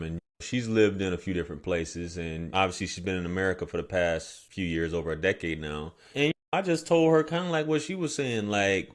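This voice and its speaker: Male commentator, lowish voice, conversational reaction talk. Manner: conversational, explanatory.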